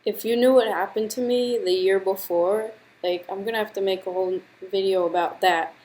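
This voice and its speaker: A woman's voice: mid-range voice, fairly even intonation, normal speed, darkish tone, poor audio. A young woman vlogger with a sore throat, telling a story in a chatty, dramatic way and saying "like" a lot. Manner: chatty and dramatic, heavy use of "like". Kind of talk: casual storytelling to camera.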